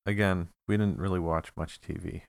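A man co-hosting a podcast in casual chat, making brief, low-key remarks. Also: steady tone, normal speed, creaky, no echo. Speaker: podcast co-host.

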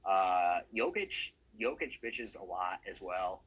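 A man co-hosting a sports podcast, talking casually in a ranting, profane and animated way. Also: low-pitched, slow, husky, lo-fi sound. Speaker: podcast co-host.

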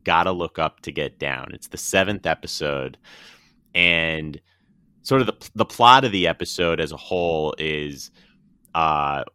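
A man's voice: extremely low pitch, a little slow, pushed and bright, clean tone, no room sound, clean studio sound. A man leading a casual podcast chat, recapping the lists and calling on the others. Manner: leads the segment, recaps and asks the others in turn. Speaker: podcast co-host.

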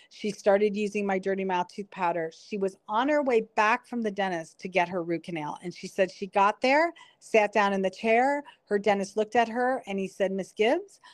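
A woman's voice: mid-range voice, moderate pace, few pauses, no room sound, clean studio sound. A middle-aged woman, a nurse and guest, explaining at length in conversation and telling stories with frequent restarts. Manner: chatty, explanatory, storytelling with restarts. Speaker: guest, nurse and product founder. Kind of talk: conversational interview.

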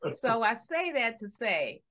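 A woman's voice: a little high, very animated, slow pace, bright, forceful tone. A woman from Detroit with an accent that mixes Detroit and the American South, chatting casually and often saying "you know". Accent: mix of Detroit and Southern US. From Detroit, Michigan. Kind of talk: casual conversation.

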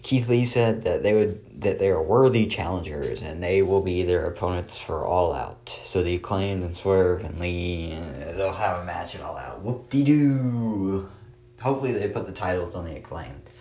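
A man's voice: sits low, normal speed, few pauses, a little mellow. A man recapping a wrestling show in a casual solo review, dry and sarcastic, with lots of filler words.

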